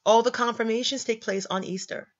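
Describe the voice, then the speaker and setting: A woman's voice: on the high side, steady tone, a little fast. A young woman giving casual religious commentary, emphatic and slangy, repeating lines for effect. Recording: slightly dull lo-fi audio.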